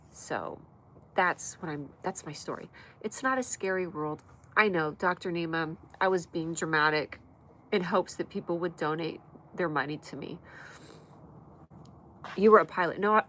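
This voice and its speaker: An American woman with a stuffy nose, chatting fast and casually while hosting her live comedy stream from home. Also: low voice, fairly bright tone, a little hiss or hum, poor audio. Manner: fast, chatty, talks to pets and viewers.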